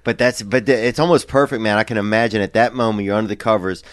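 A man hosting a podcast in casual chat who speaks softly and haltingly, often trailing off. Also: fairly low pitch, steady tone, no echo. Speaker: podcast host.

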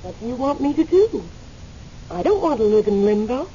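An actress playing the spirit of a dead woman who waits in limbo, speaking in a gently teasing, unhurried way in a radio drama. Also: a little high, very animated. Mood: calm, teasing. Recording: muffled radio recording, faint hiss.

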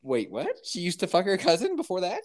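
A woman chatting casually, teasing and quick to laugh, asking pointed questions. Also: fairly low pitch, huge pitch swings, a little mellow. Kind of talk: casual chat.

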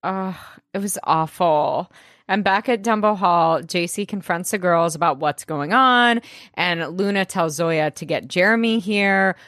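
A woman with a low voice co-hosts a casual podcast recap. She reacts emphatically, with drawn-out groans and quick agreement. The recording is close and dry. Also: fairly bright tone, dry recording. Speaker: podcast co-host.

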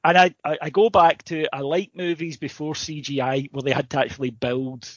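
A man co-hosting a comedy podcast, rambling through an animated, sweary story. His voice sits a touch higher than most men's. The sound is dry and slightly muffled. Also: brisk, no room sound. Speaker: podcast co-host. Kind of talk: casual comedic chat.

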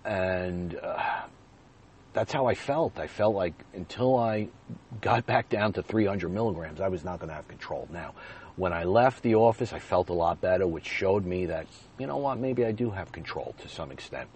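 Man, podcast host, deep voice, earnest, speaks straight to listeners, faint background hum. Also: animated, moderate pace, darkish tone. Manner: earnest, direct address to listeners, repetitive phrasing. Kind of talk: personal podcast monologue.

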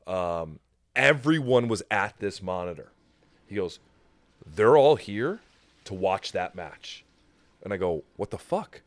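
This podcast host has a low-pitched voice and talks slowly, pausing often as he tells a story in relaxed conversation. He swears freely and acts out quotes with lively energy. There's no room sound.

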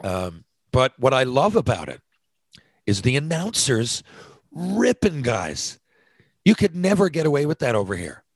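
In a casual, rambling podcast monologue, a North American man chats in a self-deprecating way, using lots of fillers and restarts. His mid-range voice is very animated, a little slow, and breathy, captured in a dry recording with poor audio.

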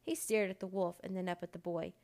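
A woman reading a children's book aloud in a measured storytelling manner. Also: lowish voice, fairly even intonation, a little mellow. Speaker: narrator.

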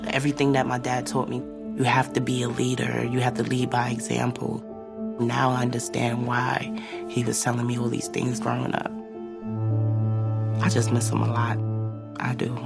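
A woman telling her story in an interview, her voice carrying a gravelly rasp. She speaks quietly and haltingly. A clear music bed plays underneath her words. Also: rumbling low, completely flat delivery. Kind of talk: personal testimony interview.

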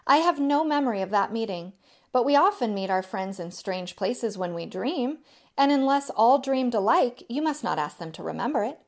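A woman's voice: fairly high pitch, expressive, moderate pace. A woman voicing a sweetly mocking enchantress queen in a storybook reading, soothing and coaxing.

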